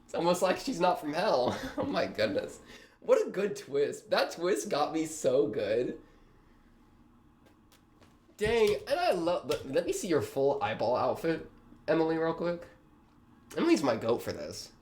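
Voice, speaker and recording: A man's voice: on the high side, sing-song, measured pace, pauses often, darkish tone, slight background noise. A young man hosting a reaction video, talking in a rambling, slangy way with lots of fillers. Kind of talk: casual reaction commentary.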